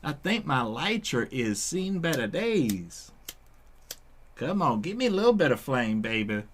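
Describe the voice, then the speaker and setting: Brief: relaxed male vlogger, unhurried delivery, swooping lively pitch, laughs often. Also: a little hiss or hum. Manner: laid-back, rambling, laughs a lot. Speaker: channel host. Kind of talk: casual stoner chat to camera. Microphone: headphones and desk mic.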